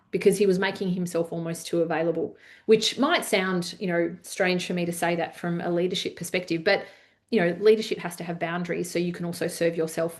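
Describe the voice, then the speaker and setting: A woman, presenting a leadership masterclass and chatting her way through anecdotes with lots of fillers. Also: on the low side. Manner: chatty, many fillers, animated retelling. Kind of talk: webinar talk with anecdotes.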